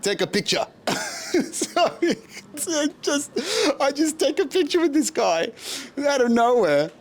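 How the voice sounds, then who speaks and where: A man's voice: very high-pitched, sing-song, a little slow. A young Australian man with a casual podcast manner, telling a story with a lot of swearing and frequent laughter. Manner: laughs often, profane, self-mocking. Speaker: podcast host.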